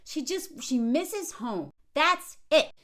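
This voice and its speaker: A woman in her thirties giving casual, animated commentary on a reality show, often mimicking the people she quotes. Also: sits high, slow. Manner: animated, quoting others in mocking voices.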